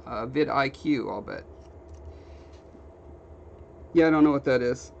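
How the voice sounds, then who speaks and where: A man's voice: mid-range voice, unhurried, gravelly. A young man livestreaming from a home workshop, casually rambling and reading out viewer comments. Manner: relaxed, rambling, reads viewer comments aloud. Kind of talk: casual chat while working, reading chat. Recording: slightly dull stream audio with faint background noise.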